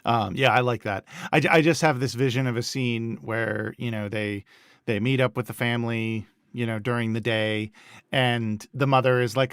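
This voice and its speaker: Guy brainstorming a story, thinks out loud, acts out little lines, dry close sound. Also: medium pitch, normal speed, clean tone, dry recording. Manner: thinking aloud with many fillers and restarts, acting out characters' lines. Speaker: co-host. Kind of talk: casual creative brainstorming chat.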